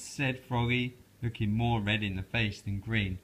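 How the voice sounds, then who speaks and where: A father slowly reading a bedtime storybook aloud to his daughter, gentle and lively. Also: mid-range voice, slightly rough, poor audio.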